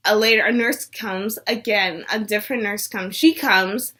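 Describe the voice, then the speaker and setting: A woman's voice: medium pitch, moderate pace, bright, forceful tone. A young woman vlogger telling a personal story in a casual chat, saying "like" a lot. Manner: chatty, says "like" a lot.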